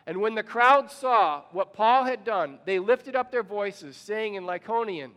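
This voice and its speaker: High-voiced man preaching in reverberant hall. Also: expressive, measured pace, fairly bright tone. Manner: storytelling, asks the congregation questions. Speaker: pastor. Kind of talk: sermon.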